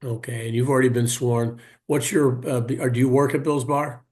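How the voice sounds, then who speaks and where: A man representing a bar at a hearing, questioning a witness in a halting way, full of fillers, over a video call. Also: mid-range voice, fairly even intonation, a little mellow. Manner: halting, hesitant, many fillers.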